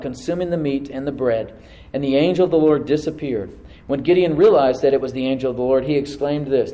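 A man preaching to a congregation, reading scripture aloud and then dropping to a soft voice to stress a point, calling for responses from the room. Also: medium pitch, echoey room, rough recording. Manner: asks the congregation to answer back. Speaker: pastor. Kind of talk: sermon. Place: church service with a live congregation.

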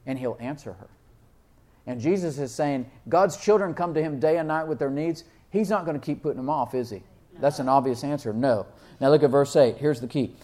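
A man preaching a sermon, reading scripture slowly and asking his listeners questions, with loud emphatic peaks and frequent laughs. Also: fairly high pitch. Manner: reads King James verses slowly and deliberately; asks the congregation questions and laughs often.

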